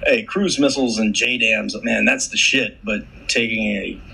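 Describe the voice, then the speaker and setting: A man's voice: lowish voice, moderate pace, creaky, sharp tone, a little hiss or hum, low-quality recording. A man who once served on a tank crew, joking and swearing freely as a podcast guest. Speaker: guest, former tank crewman. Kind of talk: casual chat.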